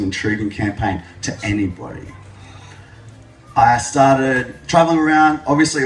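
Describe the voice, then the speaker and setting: A young man giving a public speech, telling his story with lively jokes. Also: medium pitch. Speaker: speaker at an event. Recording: echoey hall, mic from a distance.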